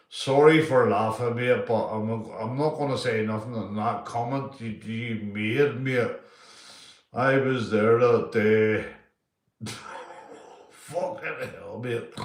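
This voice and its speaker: A man's voice: medium pitch, takes it slowly, roomy sound. A man chatting loosely on a live stream, reading out viewers' names and swearing a lot. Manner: sweary, loose, keeps saying mate. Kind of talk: casual live-stream chat.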